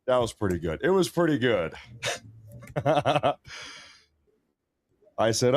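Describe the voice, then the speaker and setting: Blunt, crude-talking American stream host. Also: male voice, medium pitch, sing-song, slow, darkish tone, no echo. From United States. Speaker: livestream host. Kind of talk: casual news commentary.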